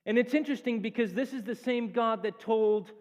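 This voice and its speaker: High-voiced male pastor preaching. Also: brisk. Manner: animated preaching, acts out quoted speech. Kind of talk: sermon. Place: church sanctuary. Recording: long church reverb.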